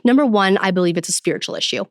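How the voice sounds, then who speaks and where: A woman guest on a podcast, talking earnestly about faith and parenting and getting animated when she quotes herself. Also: mid-range voice, racing, dry recording, clean studio sound. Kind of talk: casual podcast conversation.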